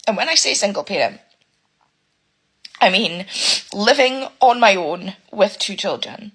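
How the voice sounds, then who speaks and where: Emotional woman, lively husky voice. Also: medium pitch. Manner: emotional, swearing, halting restarts. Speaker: single parent venting about living costs. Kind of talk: emotional to-camera rant.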